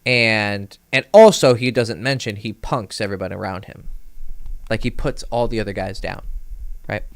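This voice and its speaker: Low-voiced man telling a rambling story. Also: normal speed, gravelly, no echo. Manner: rambling, profane, acts out quoted dialogue with rising pitch; many fillers and restarts. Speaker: dating coach. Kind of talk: casual livestream storytelling.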